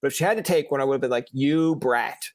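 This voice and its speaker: A man's voice: medium pitch, very fast, dry recording. A young man from Newfoundland with a Newfoundland accent, hosting a casual chat and acting out voices in his stories. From Newfoundland, Canada. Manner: lively storyteller, acts out voices. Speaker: podcast host.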